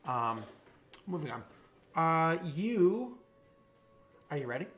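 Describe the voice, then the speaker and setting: A man's voice: on the high side, sing-song, slow pace, a bit bright, faint music behind. Man running a tabletop game. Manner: rambling, many fillers and restarts; voices jeering thugs in a raised voice. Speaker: game master.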